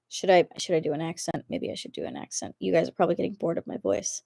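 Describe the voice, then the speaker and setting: A woman's voice: lowish voice, fast talker, vocal fry, hardly any pauses, dark tone, dry recording, clean studio sound. Giggly woman reading posts on stream. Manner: chatty, giggly, breaks off to comment. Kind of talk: casual live-stream reading.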